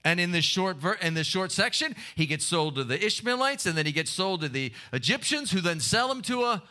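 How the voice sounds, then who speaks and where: A man's voice: high-pitched, sing-song, a little fast, sharp tone. A man preaching a sermon, telling stories with restarts and short laughs.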